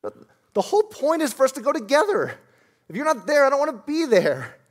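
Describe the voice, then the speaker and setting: A man's voice: extremely high pitch, huge pitch swings, brisk, voice pushed up, full character voice. A man preaching voices a let-down young husband, pleading in a raised voice within a sermon.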